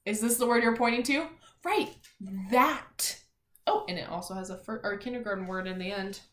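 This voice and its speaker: A woman teacher giving a phonics and spelling lesson to young children, talking clearly and encouragingly. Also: on the high side, fairly quick, fairly bright tone. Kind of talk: early-grades phonics lesson. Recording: echoey room.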